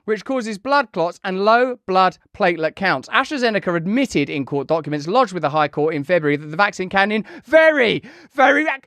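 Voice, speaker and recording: A man's voice: sits high, big pitch swings, brisk, few pauses, fairly bright tone, no room sound. Sarcastic British man, dry close sound. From United Kingdom. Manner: sarcastic, mocking, emphatic repetition. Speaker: online show host. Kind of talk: news commentary to a live chat.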